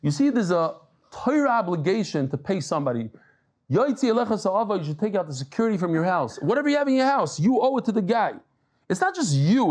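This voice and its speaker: A man giving a daily Talmud lesson in a lively, conversational way, telling jokes and stories and mixing Hebrew and Aramaic terms into his English. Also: sits high. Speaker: Talmud lecturer.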